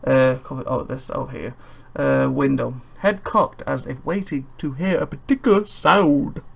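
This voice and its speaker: A yawning, tired man hosts a let's play, reading the game's text aloud and filling the gaps with rambling talk and chuckles. His mid-range voice is gravelly and husky, with a steady tone at normal speed.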